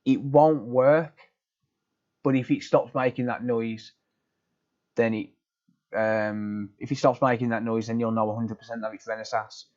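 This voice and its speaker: A man's voice: medium pitch, fairly even intonation, measured pace, pauses often, a little mellow, muffled recording. A man chatting casually on a live repair stream, explaining steps matter-of-factly with frequent ums. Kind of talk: casual live-stream chat answering viewers.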